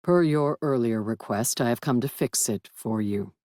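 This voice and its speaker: A woman's voice: very deep voice, moderate pace, warm tone, no echo, clean studio sound, pitched below the performer's own voice. A woman doing a stoic, imperious dragon man. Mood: formal. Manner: formal, commanding, clipped. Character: stoic aloof male dragon in human form, imperious.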